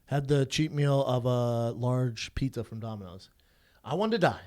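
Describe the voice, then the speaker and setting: A man's voice: medium pitch, normal speed, mellow. A man co-hosting a podcast in casual chat, blunt and profane, with frequent fillers. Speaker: podcast co-host.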